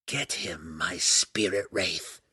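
A man voicing a centuries-old drow matriarch in an audiobook, imperious and desperate, with drawn-out, dramatic lines and sudden cries. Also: sits low, bright, forceful tone, husky, no echo, clean studio sound, heavily acted. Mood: bitter whisper. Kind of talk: audiobook character voice.

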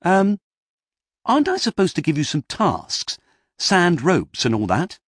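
A man doing a startled, croaking shifty businessman. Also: huge pitch swings, unhurried, no echo, clean studio sound, heavily acted. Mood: anxious. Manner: raised, startled, croaking pitch. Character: hungover, shifty male businessman, startled and grasping.

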